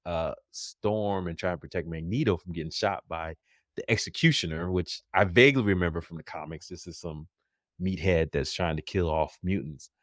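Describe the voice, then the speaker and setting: A man co-hosting a casual pop culture podcast, animated and quick to laugh. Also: low voice, no room sound, clean studio sound. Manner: animated, laughs often, jumps into silly voices. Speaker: podcast co-host.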